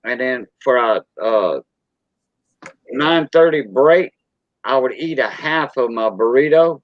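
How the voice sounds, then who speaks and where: A man's voice: mid-range voice, animated, slow pace, no echo, lo-fi sound. A man with a South Louisiana Cajun accent hosting a casual live stream chat, rambling along with plenty of "you know" fillers. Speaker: stream host.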